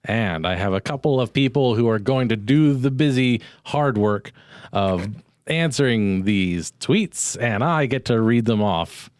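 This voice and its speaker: A male podcast host reads tweets aloud in a playful, mock-grand tone. His pitch swings freely, and he takes his time. The sound is dry and close-miked. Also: animated, unhurried, no room sound. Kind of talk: casual comedy podcast chat.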